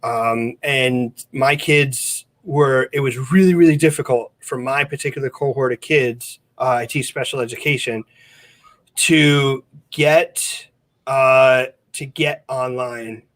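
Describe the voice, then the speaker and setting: A man's voice: mid-range voice, fairly even intonation, slow pace, a bit bright. Brief: male teacher, earnest, talks on and on with restarts, casual podcast chat from home. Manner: earnest, explains at length with restarts. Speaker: special education teacher, podcast regular.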